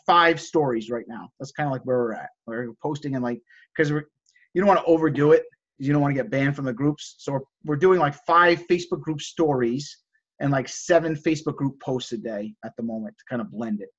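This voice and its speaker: A man's voice: a little high, fairly quick, a bit bright, highs cut off. A man hosting a live stream, coaching viewers on negotiation and reading out chat messages in an enthusiastic salesman-like way. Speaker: host of a live stream teaching resale negotiation.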